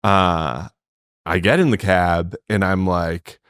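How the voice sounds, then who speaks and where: A man with a low voice tells a long, meandering story on a podcast, leaning on filler words as he goes. The sound is close and completely dry, with no room around it. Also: fairly even intonation, slow pace, a bit bright, clear, resonant tone, no echo. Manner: rambling storytelling full of "like" fillers. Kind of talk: casual podcast chat.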